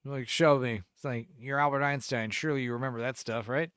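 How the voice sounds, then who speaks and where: A man's voice: mid-range voice, fairly even intonation, a little fast, fairly bright tone, smooth, dry recording, clean studio sound. A man hosting a comedy podcast, making sarcastic, mocking remarks about the videos he watches. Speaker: podcast host. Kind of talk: casual comedic riffing.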